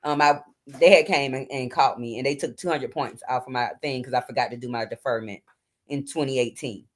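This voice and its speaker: A woman's voice: a bass voice, a little fast. A woman in her forties hosting a casual livestream from home at night, chatting informally and talking straight to her viewers. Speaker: livestream host. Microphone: phone or webcam.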